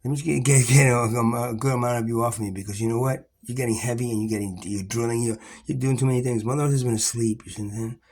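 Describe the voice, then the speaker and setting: A man's voice: medium pitch, fairly even intonation, fast talker, few pauses, darkish tone. A man ranting in an agitated, rambling, profane monologue to camera, full of restarts.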